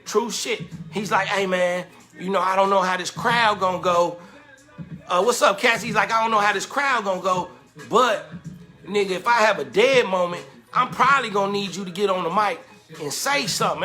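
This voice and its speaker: A man casually telling a lively, slangy story about his club days and acting out the quotes. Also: high voice, moderate pace, soft background music. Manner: animated, slangy, acts out quotes with laughter.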